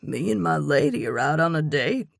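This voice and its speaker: A woman's voice: sits low, animated, moderate pace, vocal fry, no room sound, clean studio sound, exaggerated voice. A woman voicing a cocky, leering young man in an audiobook, with a brash, smug drawl.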